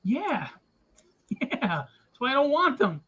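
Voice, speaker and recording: A man's voice: very high voice, wildly swooping pitch, slow pace, a loud crowd. A man hosting a live stream from home in a casual, joking, teasing way. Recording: dull lo-fi stream audio with faint noise.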